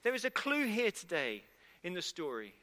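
A man's voice: high-pitched, wildly swooping pitch, moderate pace, sharp tone. A man preaching a sermon to a congregation, talking conversationally and asking them questions. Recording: echoey hall with long reverb.

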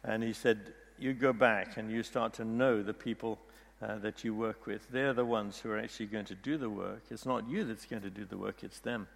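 A man's voice: on the low side, steady tone, normal speed, creaky, hardly any pauses, big-room sound. A man telling a long story to listeners, often restarting and repeating words as he goes. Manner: rambling storyteller with frequent restarts. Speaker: speaker retelling a story from a book. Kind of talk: storytelling talk.

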